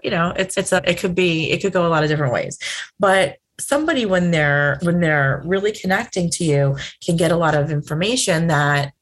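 A woman's voice: fairly low pitch, fairly quick. A woman working as a psychic medium, telling stories in a chatty interview and acting out the exchanges she quotes. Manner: chatty, many fillers and restarts, acts out quoted exchanges. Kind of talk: conversational storytelling interview.

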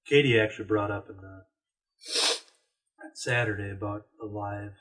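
Co-hosting a casual podcast from a store, a man rambles with lots of fillers, sounding distant from the mic. His voice is on the low side, steady, fairly bright, and at a normal speed.

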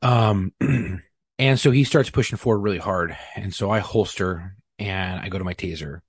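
A man with a low, husky voice tells a casual story as a podcast guest, speaking at a normal speed. The recording is dry and studio-clean. His retelling is animated and profane, with quotes he acts out.

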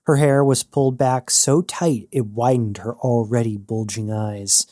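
A man narrating a science fiction story in an even storytelling read. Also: mid-range voice, a little slow, dry recording, clean studio sound. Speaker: audiobook narrator. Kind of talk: scripted narration.

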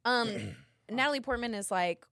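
A young woman co-hosting a podcast, chatting casually and bluntly. She swears freely and laughs easily. Her voice sits a little high and sounds dry and close. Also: huge pitch swings, moderate pace, gravelly, a bit bright, dry recording. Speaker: podcast co-host. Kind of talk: casual chat.

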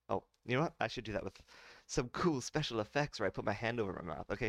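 Low-voiced man narrating a sci-fi serial. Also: animated, quick pace, creaky, no echo. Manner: casual, with joking asides and restarts. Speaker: narrator of an audio drama. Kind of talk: reading a self-made sci-fi serial aloud.

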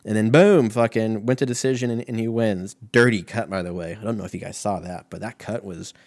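A man's voice: lowish voice, fairly quick, darkish tone. A young man hosting a casual solo podcast, rambling and swearing, often laughing at his own jokes. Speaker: podcast host.

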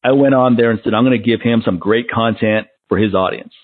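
A man talks casually on a podcast, breaking into animated impressions as he tells stories. His voice is husky and the sound is dry and narrow, like a phone line. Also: on the low side, fairly quick, no room sound. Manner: animated storyteller who mimics others. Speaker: podcast host. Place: Las Vegas.

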